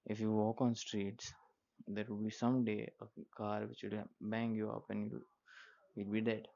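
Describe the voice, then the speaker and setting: A man with a sore throat, talking slowly and quietly in a casual solo monologue, full of fillers and restarts. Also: flat delivery, vocal fry. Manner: slow and low-voiced, many fillers and restarts. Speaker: podcast host. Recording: dull lo-fi recording.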